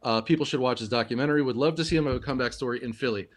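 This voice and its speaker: A man's voice: mid-range voice, very fast. A man hosting a casual sports podcast livestream, thinking aloud with lots of ums and restarts. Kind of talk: casual hockey podcast chat.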